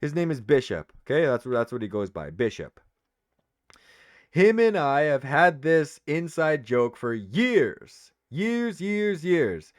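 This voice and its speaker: A man streaming live, excitedly commenting on old footage and laughing often. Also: medium pitch, a little slow, no echo, clean studio sound. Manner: excitable, laughs a lot, loud.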